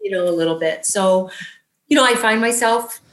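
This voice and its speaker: A woman in her fifties telling an emotional personal story in an earnest, halting way, with many fillers, her voice rising when she quotes herself. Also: mid-range voice, reverberant.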